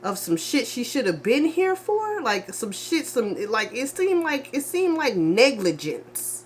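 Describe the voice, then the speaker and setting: A grieving young woman in a confessional vlog, speaking in halting, repetitive bursts with heavy sighs and restarts. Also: on the high side, very animated, slight background noise. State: grieving, low and emotional. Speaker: vlogger.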